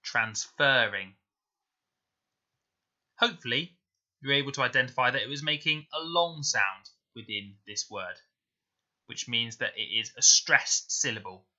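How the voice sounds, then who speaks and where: A man teaching a recorded spelling lesson to primary pupils, slowly sounding out words. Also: mid-range voice, bright, forceful tone. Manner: slow, clear, sounding out words deliberately. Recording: dull lo-fi home recording.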